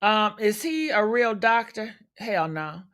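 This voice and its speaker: A woman's voice: mid-range voice, sing-song, slow pace, a bit bright. A woman hosting a livestream, talking in a profane, sassy, combative way full of rhetorical questions. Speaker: livestream commentary host. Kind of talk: loud unfiltered gossip commentary.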